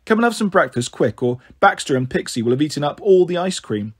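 A caring, bossy big-sister girl, voiced by a man in a read-aloud storybook. She talks in a brisk, mothering way, pitched higher than the narration. The tone stays husky and sing-song. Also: very animated. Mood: coaxing.

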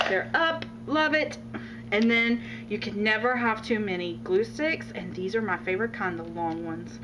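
A woman vlogging an unboxing of craft supplies, gushing and exclaiming with delight, gasping and laughing. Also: on the high side. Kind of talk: excited unboxing chat. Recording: noisy home recording.

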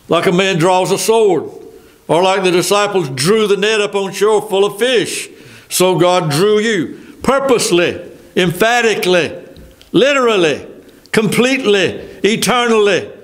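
Older Southern male preacher, high voice, folksy and conversational from the pulpit. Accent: Southern American. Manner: folksy, thinking aloud with asides. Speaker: pastor. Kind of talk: sermon.

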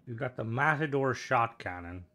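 A man's voice: mid-range voice, animated, moderate pace, sharp tone. Chatty Irish man streaming a game. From Ireland. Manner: rambling, chatty, talks to viewers. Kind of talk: casual stream chat while gaming.

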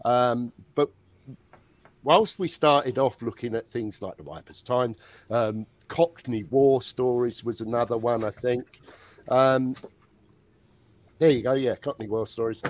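A British man, a guest author, chatting over a video call and telling anecdotes in a measured way. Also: medium pitch. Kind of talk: casual chat.

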